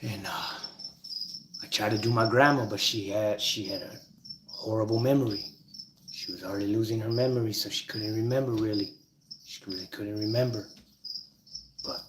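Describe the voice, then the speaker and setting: A man's voice: lowish voice, heavy background noise. A man telling stories and teaching a numbers trick in a casual, profane, emphatic way. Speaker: numerology teacher. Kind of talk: casual storytelling monologue.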